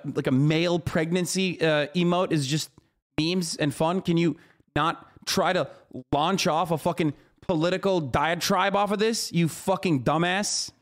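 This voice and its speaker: High-voiced, exasperated swearing streamer. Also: male voice. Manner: exasperated, swears a lot, many fillers and restarts. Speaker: streamer reacting to clips. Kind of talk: profane reaction rant.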